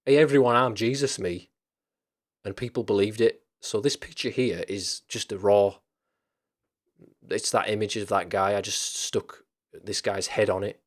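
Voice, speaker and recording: A man's voice: on the low side, fairly even intonation, a little slow. A man hosting a casual chat stream, rambling loosely with lots of fillers, restarts and casual swearing.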